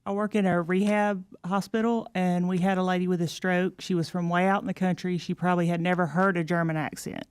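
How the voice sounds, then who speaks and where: A woman on a radio show tells a story in a smooth, clear voice. The studio sound is dry and close around her plain way of speaking. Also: fairly low pitch, level tone, brisk, hardly any pauses, no echo. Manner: plain storytelling, laughs easily. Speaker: studio guest, rehab hospital worker.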